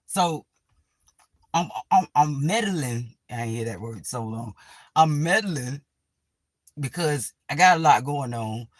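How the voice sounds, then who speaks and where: A woman's voice: very deep voice, expressive, measured pace, no echo. A woman vlogger in a profane, sarcastic ranting monologue, full of dramatic asides.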